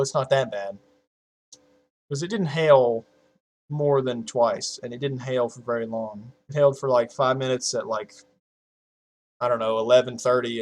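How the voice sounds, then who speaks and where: 21 yr old guy rambling to his viewers at his desk mic, swears a ton, laughs at his own jokes, mid-pitched voice. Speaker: YouTuber. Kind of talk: casual chat to viewers.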